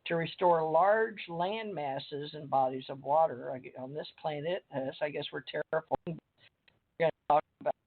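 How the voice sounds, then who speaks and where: A woman's voice: low voice, normal speed. An older woman hosting an online talk show, chatty and rambling as she reads a guest's bio aloud. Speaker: host. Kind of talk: casual call-in interview. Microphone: phone or computer call. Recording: tinny phone line.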